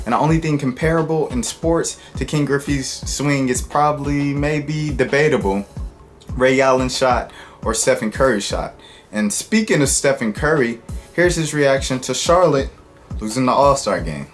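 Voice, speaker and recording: A man talking casually to camera about sports, chatty and joking with quick asides. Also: mid-range voice, faint music behind. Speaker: sports vlogger.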